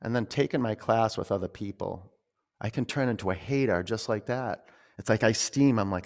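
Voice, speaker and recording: A man teaching a yoga class, gently cueing breath and poses in a loose, conversational way. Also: mid-range voice, moderate pace.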